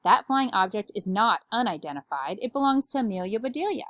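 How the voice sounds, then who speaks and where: A woman's voice: mid-range voice, very animated, fairly quick, fairly bright tone, dry recording, clean studio sound. A woman voicing a friendly, helpful science teacher from a children's storybook.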